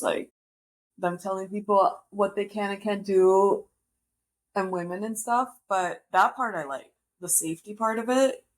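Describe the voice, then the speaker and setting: A woman hosting a podcast, chatting casually and gossiping about reality TV with frequent laughs. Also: lowish voice. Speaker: podcast host.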